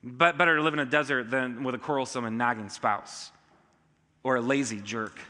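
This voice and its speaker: In a church auditorium, a male pastor preaches emphatically and fairly quickly, his pitch and volume jumping suddenly. The room leaves a long reverb tail.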